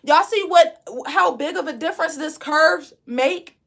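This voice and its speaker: A woman, teaching a live braiding class in a loud, chatty, encouraging way. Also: extremely high pitch, a little slow, creaky. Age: 20s. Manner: chatty, encouraging, reads comments aloud. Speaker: braid instructor.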